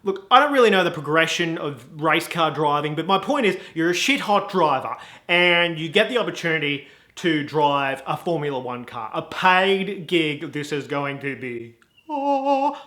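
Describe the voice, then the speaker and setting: A man's voice: on the high side, lively intonation, normal speed, sharp tone. A young man vlogging in a rambling, self-mocking comic monologue full of jokey analogies.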